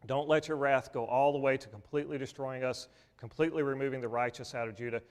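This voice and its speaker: A man's voice: medium pitch, fairly even intonation, fast, darkish tone, clean tone. A man preaching a sermon in a church in a conversational, folksy way, with restarts and asides.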